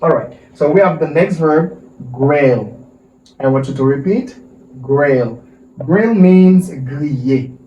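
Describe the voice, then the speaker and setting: Male English teacher, slow repetitive drilling, echoey far-off mic with faint hiss. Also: a little high, a little mellow. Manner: slow drilling, repeats words and asks for repetition. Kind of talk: vocabulary lesson for Haitian Creole and French speakers. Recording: roomy, distant mic with faint noise.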